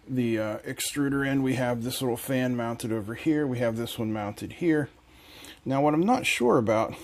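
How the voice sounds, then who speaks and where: Casting: relaxed man, unhurried, mid-pitch, joking workshop commentary. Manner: relaxed, joking, thinking aloud. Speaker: electronics hobby channel host. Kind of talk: casual build walkthrough.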